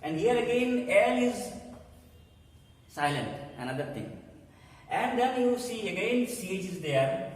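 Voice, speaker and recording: A man teaching English, speaking in a deliberate, explanatory way and spelling out letters with frequent pauses. His voice sits a little high and comes from some distance from the mic. The room gives a heavy echo. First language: not English. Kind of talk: classroom-style lesson. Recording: echoey hall, voice from far off.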